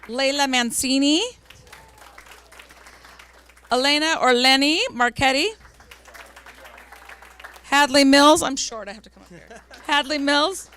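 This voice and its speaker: A woman school board member presenting awards at a public meeting, earnest, reading names slowly and carefully. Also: sits high, bright, forceful tone, some chatter behind.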